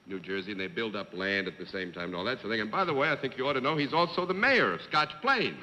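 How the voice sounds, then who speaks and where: Genial male quiz host with a very bright, animated delivery, heard in a roomy old TV studio broadcast. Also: lowish voice, quick pace, highs cut off. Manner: jovial, chuckling, courtly. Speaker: game show host. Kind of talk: genial studio game show hosting. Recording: reverberant 1950s TV studio broadcast with faint audience.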